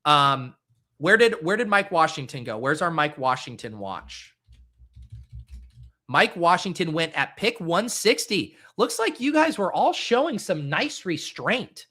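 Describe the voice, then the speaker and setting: A man in his thirties hosting a live stream, chatting excitably with his viewers while drafting. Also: on the high side, unhurried. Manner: excitable, animated, talks to chat. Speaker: fantasy football streamer. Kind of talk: live-stream casual chat.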